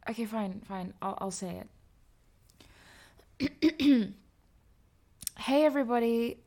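A woman playing a breathy, flustered young streamer. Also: fairly high pitch, animated, warm tone.

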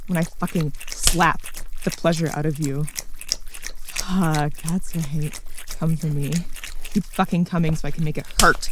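A woman's voice: deep voice, normal speed, heavy background noise. A woman performing an adult audio role-play in a mocking, commanding manner, breaking into scornful laughs.

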